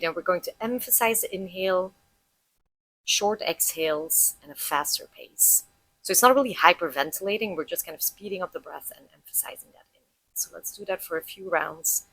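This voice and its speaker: A woman with a fairly low voice guides listeners through a breathing exercise, explaining clearly and calmly. The sound is dry and close, with no room around it. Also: no echo, low-quality recording. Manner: calm, explanatory, guiding listeners step by step. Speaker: breathwork instructor.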